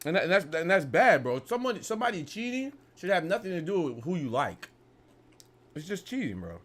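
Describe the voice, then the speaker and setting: A young man hosting a casual boxing podcast, talking in a heated, animated way and peppering his lines with "bro" and profanity. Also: high voice, brisk. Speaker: podcast host.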